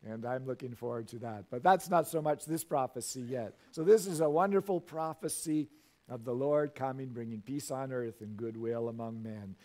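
A man's voice: mid-range voice, normal speed, a little mellow. A middle-aged male pastor preaching a sermon in a church, reading scripture and making folksy asides with frequent chuckles.

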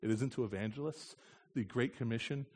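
A man's voice: mid-range voice, fairly quick, a little mellow, a little hiss or hum. A man from the United States, a missionary preaching in a church, speaking in an earnest, plain-spoken way with touches of light humor. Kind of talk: conversational sermon.

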